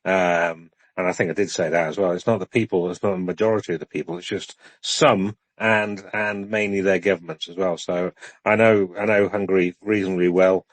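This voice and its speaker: Low-voiced British co-host, dry sound. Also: male voice, steady tone, brisk, dry recording. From United Kingdom. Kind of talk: online audio discussion.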